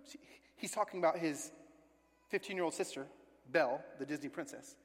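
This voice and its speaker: High-voiced pastor in an echoing hall. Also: male voice, brisk, pauses often. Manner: animated storytelling, acting out family voices. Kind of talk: sermon. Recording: long reverb of a large hall.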